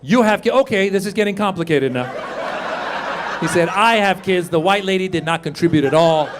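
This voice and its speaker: A man from Iran doing a stand-up comedy set on a club stage, with animated crowd work and loud bursts when he mimics people. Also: high voice, a little fast. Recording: live club recording with crowd laughter. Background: audience laughter.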